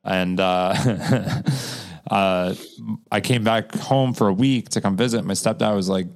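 A man's voice: lowish voice, unhurried, a little mellow. A man on a casual podcast, telling crude, swear-filled stories about his family. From Canada. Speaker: podcast co-host.

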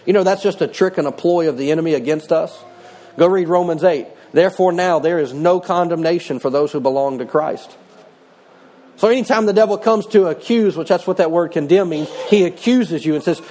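A man's voice: on the high side, moderate pace, a little mellow. A middle-aged male pastor preaching a sermon in a conversational way, mixing scripture with personal stories.

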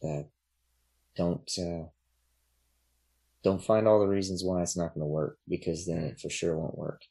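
Very deep-voiced man, relaxed and rambling. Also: unhurried. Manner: relaxed, rambling with many fillers and restarts. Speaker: podcast guest, artist. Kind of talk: casual interview chat.

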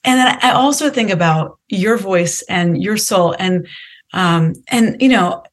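A woman's voice: medium pitch, measured pace. Reflective woman podcast host. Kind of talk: podcast interview.

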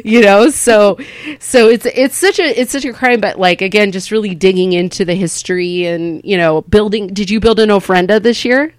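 Rambling, animated woman comedian. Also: medium pitch, moderate pace, no room sound. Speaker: stand-up comedian, podcast guest. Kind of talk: casual interview chat.

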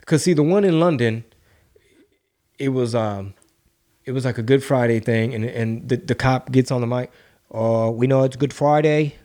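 A man's voice: medium pitch, normal speed, pauses often. A man co-hosting a casual podcast, swearing freely and telling stories with energy, dropping in Spanish words. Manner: profane, animated storytelling, slips into Spanish words. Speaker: podcast co-host.

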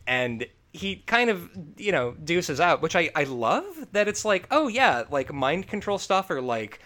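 A man talking about films in a casual, profane chat. His voice sits fairly high and swings up and down a lot as he gets worked up, and he breaks into laughter often. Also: expressive, measured pace, bright, forceful tone. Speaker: podcast host. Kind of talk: casual movie review chat.

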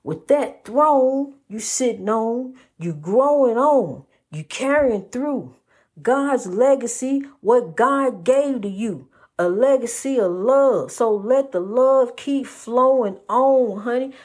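Woman, preachy, repetitive, swooping pitch, impassioned motivational talk. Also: expressive, slow, a little mellow. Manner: preachy, repeats phrases, calls listener honey. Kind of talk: impassioned faith-based pep talk.

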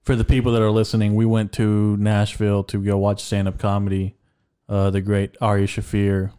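A man's voice: fairly low pitch, monotone, normal speed, dark tone, smooth. A young man in casual podcast chat, telling long crude stories full of swearing and filler words. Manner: crude, rambling storyteller, swears a lot. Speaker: podcast co-host.

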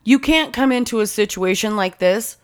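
Profane, animated woman telling a story. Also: mid-range voice, moderate pace, clear, resonant tone. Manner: heavy swearing, animated storytelling. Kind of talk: casual chat.

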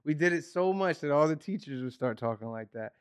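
This man from Newburgh, New York talks as an earnest podcast guest and leans on "like" as he tells his stories. His voice sits a little high and is smooth and clean. The recording is dry and close. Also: lively intonation, fairly quick, no room sound. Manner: earnest storyteller, many "like" fillers. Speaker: guest musician. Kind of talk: casual podcast chat.

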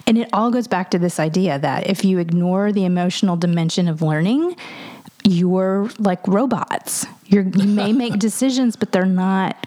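A woman coach in a reflective podcast conversation, pausing thoughtfully to search for her words. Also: medium pitch, warm tone.

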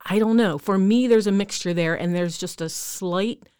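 A woman's voice: mid-range voice, normal speed, darkish tone, clean tone, no room sound, studio quality. A woman co-hosting a casual chat, candid and reflective, often laughing as she talks. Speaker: podcast co-host.

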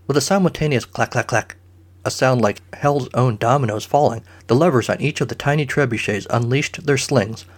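A man narrating a comic story with dry, deadpan asides. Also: mid-range voice, normal speed.

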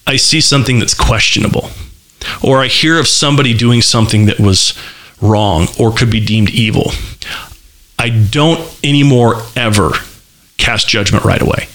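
A man talks through a personal experience in an easy, conversational way. His phrasing is loose and candid, full of restarts and fillers. His descriptions are vivid and animated, with a voice of ordinary middle pitch. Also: moderate pace. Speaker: podcaster telling a personal story. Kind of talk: casual conversational storytelling.

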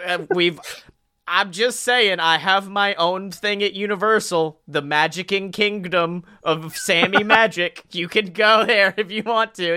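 Brash, bright-voiced male podcast host. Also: high voice, clear, resonant tone. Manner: profane, rambling comedic rant; slips into a put-on accent. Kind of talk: comedic podcast chat.

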